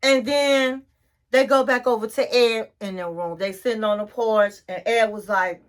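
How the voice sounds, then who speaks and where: A woman giving a gossipy, animated recap of a reality TV episode. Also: on the high side, normal speed. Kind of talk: casual recap commentary.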